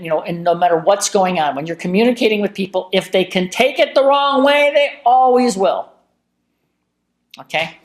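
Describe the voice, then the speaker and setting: A woman talking casually to camera about communication. She is blunt, salty and joking, and swings between loud remarks and hushed asides. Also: lowish voice, vocal fry. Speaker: motivational vlogger. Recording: echoey room.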